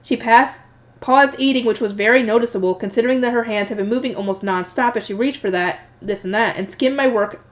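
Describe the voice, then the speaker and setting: A woman's voice: a little high, a little fast. A woman reading a novel aloud in a casual way, now and then correcting her own slips. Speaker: reader.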